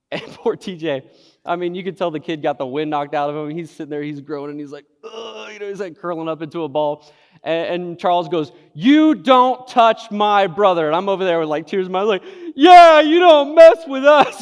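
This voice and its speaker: A man preaching a sermon, telling a childhood story with lively, acted-out moments. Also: medium pitch. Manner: animated storyteller, acts out his childhood self. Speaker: pastor. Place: church auditorium. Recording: long hall reverb.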